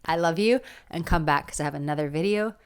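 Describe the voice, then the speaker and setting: A woman in her thirties giving dating advice straight to camera, candid and emphatic, moving between punchy lines and hushed ones. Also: low voice, fast, smooth. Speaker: dating coach. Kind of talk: direct-to-camera advice talk.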